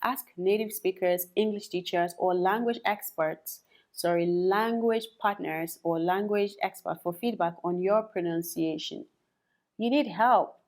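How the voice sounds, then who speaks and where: A woman's voice: fairly low pitch, measured pace, a little mellow. A young adult woman teaching English in a chatty spoken lesson, repeating words for practice and laughing often.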